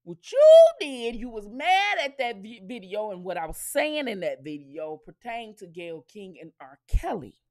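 A woman's voice: medium pitch, very animated, moderate pace, hardly any pauses. A woman hosting her own commentary channel, talking straight to her viewers in a blunt, profane rant with lots of emphatic repetition.

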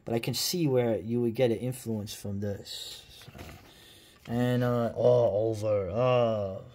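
Speaking slowly with a warm tone, this reaction video host keeps his medium-pitched voice fairly even. He rambles casually through a documentary with sarcastic remarks and frequent fillers and restarts.

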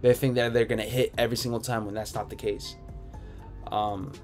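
Faint music sits behind a man who hosts a casual sneaker livestream from home. His medium-pitched voice is flat in delivery and fairly quick as he reads out viewer comments and rambles through answers.

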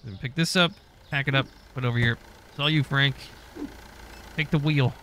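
A man's voice: medium pitch, normal speed, bright, forceful tone, a little hiss or hum. A man giving casual, profane gameplay commentary, mock-scolding customers and staff as he plays. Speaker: gaming YouTuber.

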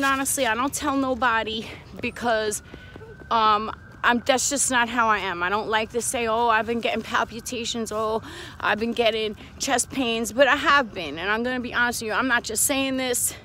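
An earnest woman with a New York accent speaks straight to her viewers. She vlogs on a phone while walking outdoors. Her voice sits a bit high, and faint street traffic murmurs behind her. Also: normal speed, bright, forceful tone, low-quality recording. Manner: earnest, confiding, talks to viewers directly. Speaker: vlogger. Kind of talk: candid personal vlog. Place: outdoors on a walk with her child.

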